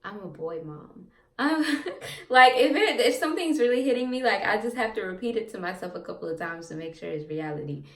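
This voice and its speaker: A young woman vlogger, her voice fairly high and fairly quick, casually shares a personal story with her viewers. She rambles and chats, filling it with repeats and filler words. She sits far from the mic in an echoey room.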